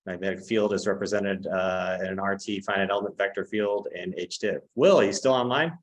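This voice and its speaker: A man with a fairly low voice hosts an online technical workshop and announces contest winners. He explains simulations in a relaxed, casual way, with plenty of "uh" fillers between phrases. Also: a little fast, low-quality recording. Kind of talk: presenting over a video call.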